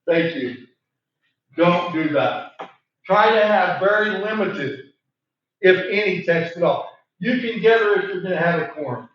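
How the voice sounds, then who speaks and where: A man leading a training session, asking the room questions and repeating words for emphasis, clearing a voice he is losing. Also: high-pitched, lively intonation, unhurried. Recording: very echoey room, distant mic, muffled.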